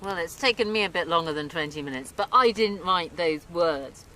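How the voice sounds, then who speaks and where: A woman's voice: lowish voice, normal speed, slight background noise. A woman historian and curator presenting and narrating a documentary with keen enthusiasm. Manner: enthusiastic, expressive.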